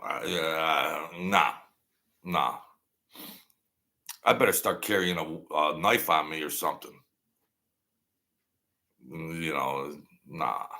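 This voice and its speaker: Older male host, gravelly and forceful, blunt and wary in a casual monologue. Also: a bass voice, slow, pauses often. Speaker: channel host. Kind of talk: rambling casual storytelling.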